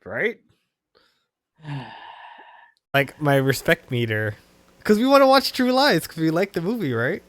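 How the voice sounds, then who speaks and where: A young adult man co-hosting a podcast in an excitable, laughing casual chat. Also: a little high, a little slow, pauses often, no echo, studio quality. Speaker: podcast co-host.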